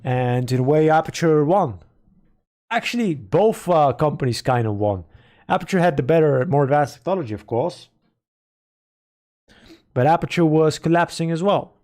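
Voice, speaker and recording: Man, live-stream commentary, rambling, self-correcting, a bit high-pitched. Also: animated, normal speed, pauses often, a little mellow.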